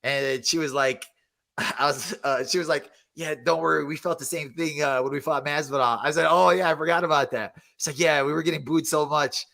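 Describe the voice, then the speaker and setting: Bright excited man telling stories. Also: fairly high pitch, brisk, creaky. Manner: excited storytelling, acts out quotes. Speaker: guest fighter. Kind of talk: casual podcast chat.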